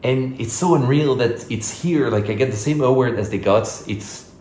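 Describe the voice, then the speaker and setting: A man's voice: medium pitch, normal speed, darkish tone, slight background noise. Upbeat French-accented man vlogging. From France. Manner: upbeat, rambling, thinks aloud with many fillers. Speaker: solo entrepreneur vlogger. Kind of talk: casual vlog chat to camera.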